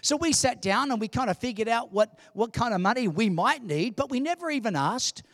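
A man in his sixties preaching a sermon in church, animated and humorous, with emphatic delivery. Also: extremely high pitch, a little fast, dry recording, studio quality. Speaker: pastor.

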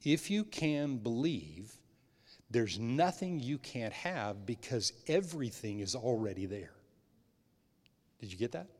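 A middle-aged male pastor preaching a sermon in a conversational way, swinging from loud emphatic bursts to quiet, low asides, with frequent restarts. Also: big pitch swings, slow pace. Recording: long reverb of a large hall.

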